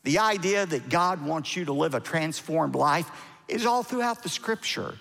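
A man preaching a sermon as pastor, with dramatic pauses and heavy emphasis on key words. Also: fairly high pitch, lively intonation, creaky, a bit bright. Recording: long hall reverb.

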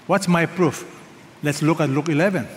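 A man's voice: a little high, normal speed. A man preaching a sermon, emphatic and leading the congregation to repeat phrases after him. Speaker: pastor. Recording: reverberant hall with faint noise.

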